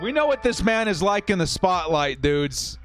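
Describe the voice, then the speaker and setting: Exuberant high-voiced man hosting a watch party. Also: sing-song, normal speed, music in the background. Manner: exuberant, shouting, reading donations aloud. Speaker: live stream host of a fan watch party. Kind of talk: excited live game commentary and chat reading.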